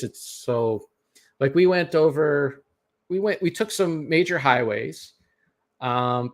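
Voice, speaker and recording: A Canadian man with a Canadian accent, telling a long story in casual podcast chat, full of fillers and restarts. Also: mid-range voice. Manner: rambling, many fillers and restarts.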